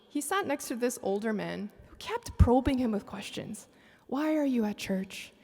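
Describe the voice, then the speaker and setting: A woman tells a heartfelt story of faith to a panel. Her voice sits a little high. The sound carries the long echo of a large sanctuary. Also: lively intonation, moderate pace, vocal fry, darkish tone, husky. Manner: emotional storytelling, breaks into tears. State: tearful, voice breaking. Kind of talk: telling a testimony story.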